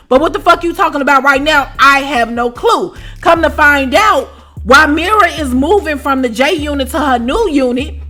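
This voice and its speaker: A woman telling a story to her viewers in a casual, profane, animated way, often asking if you know what she's saying. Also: high voice. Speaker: storytime vlogger.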